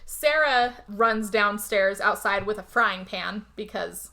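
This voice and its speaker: A woman co-hosting a podcast who retells a movie's plot in a casual, animated way, full of fillers and swearing. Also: mid-range voice, takes it slowly. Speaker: podcast co-host. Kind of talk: casual movie recap chat.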